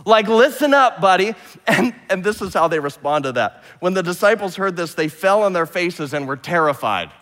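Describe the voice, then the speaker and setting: A man preaching a sermon, retelling scripture with lively, humorous storytelling. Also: a little high, brisk, hardly any pauses, big-room sound. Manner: animated storytelling, imagines scenes aloud with humor. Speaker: pastor.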